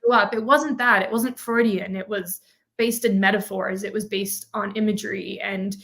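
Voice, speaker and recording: A woman's voice: medium pitch, fairly even intonation, normal speed, gravelly, a bit bright. A woman guest on an interview podcast explains her experience earnestly and thoughtfully. Her voice sits mid-range, and she speaks in a casual, conversational way. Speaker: guest author.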